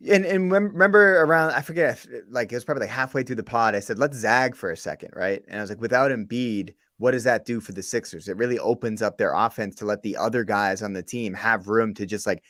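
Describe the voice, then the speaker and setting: A man's voice: fairly low pitch, fast, few pauses, fairly bright tone, no echo, studio quality. A young man co-hosting a sports podcast, casual and slangy, exasperated about the team. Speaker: podcast co-host.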